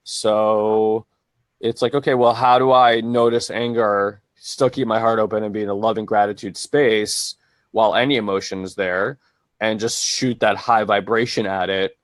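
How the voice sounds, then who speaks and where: A low-pitched man talks through his thoughts in an unhurried, searching way on a casual coaching podcast. He circles back, restarts phrases and leans on fillers as he works out ideas. The sound is dry and close, with little room around the voice. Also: fairly even intonation, no echo. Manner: reflective, searching, with many "like" and restarts. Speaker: co-host and transformation coach.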